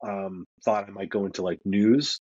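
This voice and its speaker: Husky low-voiced man, mild new york accent. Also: steady tone, normal speed, darkish tone, dry recording, lo-fi sound. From Brooklyn, New York. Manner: rambling, self-correcting, easygoing. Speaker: podcast guest, comic creator. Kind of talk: casual interview chat.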